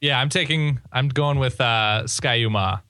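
A man's voice: medium pitch, a little slow, pushed and bright, smooth, no room sound. A man co-hosting a casual sports podcast, talking in a laid-back, wry way. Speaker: podcast co-host.

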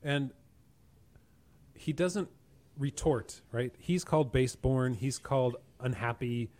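Man explaining a passage, relaxed. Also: mid-range voice, takes it slowly. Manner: relaxed, explanatory, ends points with "right?". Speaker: podcast co-host. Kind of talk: casual book discussion.

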